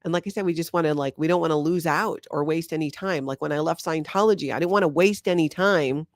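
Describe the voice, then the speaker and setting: Hosting a livestream, this deep-voiced woman reads the live chat and talks fast, laughing often as she chats casually with viewers. She's from Hawaii, and her Hawaiian accent has a faint Minnesotan touch. The audio is studio quality without echo.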